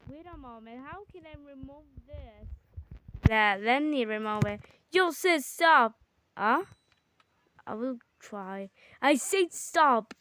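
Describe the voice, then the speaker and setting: A woman in casual gaming chat with her sibling, excitable and bickering with quick exclamations. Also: sits high, background noise. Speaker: gamer.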